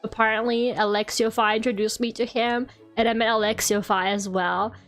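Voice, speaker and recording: A woman streamer chatting casually while gaming, telling stories in an animated way and swearing freely. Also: fairly high pitch, moderate pace, soft background music. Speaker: VTuber streamer.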